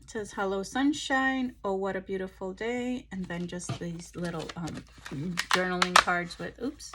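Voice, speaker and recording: A tired woman chatting casually through a craft haul, relaxed and full of ums and pauses, recorded on a phone. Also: mid-range voice, heavy background noise. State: tired, yawning. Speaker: craft vlogger. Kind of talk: casual show-and-tell chat.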